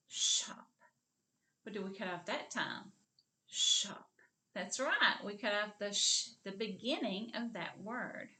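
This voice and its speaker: A woman teaching a kindergarten literacy lesson on video, speaking slowly and clearly and encouraging the children as she draws out each sound. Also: mid-range voice, sharp tone, a little hiss or hum.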